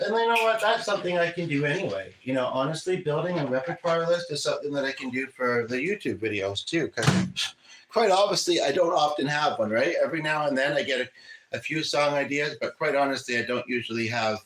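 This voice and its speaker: A man's voice: medium pitch, poor audio. Man, casual livestream chat, rambling with lots of fillers, faint hiss behind. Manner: rambling, conversational, frequent fillers. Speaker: livestream host.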